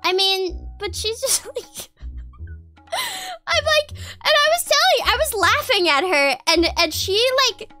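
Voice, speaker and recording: High, lively, giggly woman streamer. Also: measured pace, soft background music. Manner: giggly, rambling, many restarts. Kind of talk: casual chat.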